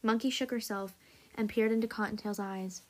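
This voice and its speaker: A woman hosting a story podcast, reading a story aloud in a steady, even way. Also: mid-range voice, moderate pace.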